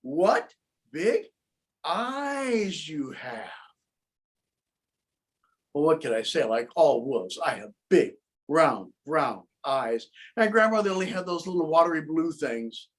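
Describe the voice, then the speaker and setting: A man telling a story in the first person as the wolf, with an aggrieved, put-upon tone and lively character voices, recorded on a video call. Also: fairly high pitch, moderate pace.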